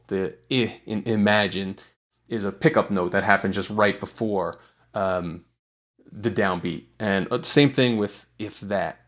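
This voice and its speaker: A man explaining songwriting in a casual video tutorial, talking in a relaxed way with lots of small fillers and restarts. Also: low-pitched. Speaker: songwriting teacher.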